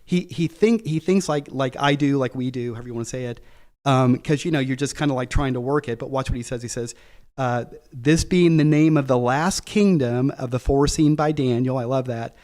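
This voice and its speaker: A man's voice: medium pitch, a little mellow. Casual man teaching a Bible class. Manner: casual, thinking aloud with many fillers and restarts; slows down to read quoted passages. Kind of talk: reading aloud and explaining a text to a class.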